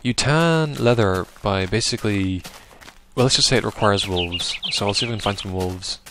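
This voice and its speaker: A man giving rambling, casual let's-play commentary over a game, now and then yelping loudly at what happens. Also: on the low side, moderate pace, a little hiss or hum. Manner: chatty, rambling, bursts into loud yelps at the game. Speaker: gaming video host.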